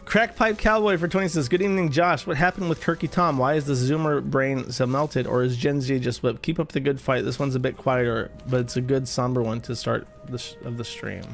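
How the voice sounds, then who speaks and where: A man's voice: mid-range voice, steady tone, brisk, creaky, few pauses, soft background music. An American man streaming live, reading viewer donations aloud with wry, offhand remarks. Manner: wry, offhand, chuckling asides. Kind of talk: casual live-stream chat.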